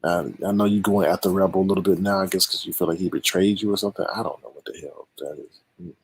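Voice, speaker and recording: A man's voice: sits low, fairly even intonation, quick pace, breathy edge. A man hosting a live stream, giving casual and exasperated commentary on online drama straight to his viewers.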